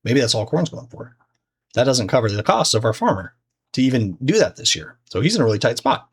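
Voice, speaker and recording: A man talks through a trading lesson in a relaxed, chatty way. He restarts sentences and drops in fillers as he goes. His voice sits at an ordinary mid pitch. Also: a little fast, breathy edge. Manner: loose and conversational, many fillers and restarts. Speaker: trading teacher. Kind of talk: casual explanatory lesson.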